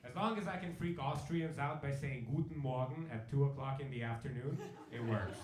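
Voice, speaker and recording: A man's voice: mid-range voice, normal speed, noisy background. A young man doing a stand-up comedy set, chatty and riffing with the audience. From Hungary and South Africa. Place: comedy venue with live audience. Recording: roomy live venue with crowd laughter. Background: audience laughing.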